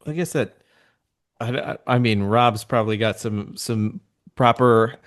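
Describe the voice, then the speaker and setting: A man's voice: mid-range voice, fairly even intonation, unhurried. A man speaking as a horror podcaster on a panel, earnest and gushing, with stammers, over a video call. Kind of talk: casual panel chat.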